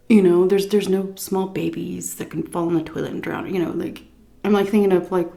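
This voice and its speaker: Woman food vlogger, story time between bites, animated with muttered asides, casual swearing, lowish voice. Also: gravelly. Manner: pauses for chewing and stomach noises while talking. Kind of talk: story time while eating on camera.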